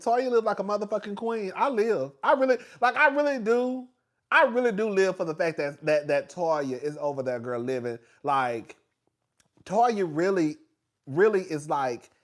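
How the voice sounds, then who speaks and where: A young man chatting casually and animatedly about reality TV, gossipy, full of fillers and quick laughs. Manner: animated, gossipy, filler-heavy, laughs often, swings loud and high when excited. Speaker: reality TV commentator.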